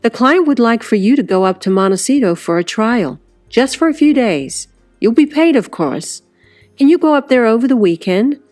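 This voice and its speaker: A woman voicing a busy female job agent who talks in a rushed way, read as a storybook character. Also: a little high, lively intonation, darkish tone, faint music behind, voice pushed up, lightly acted. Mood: brisk.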